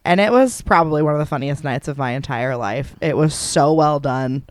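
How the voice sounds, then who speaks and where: A woman's voice: low voice, normal speed, no room sound. A woman co-hosting a podcast in casual chat, an eager storyteller who is supportive and teasing. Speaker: podcast co-host.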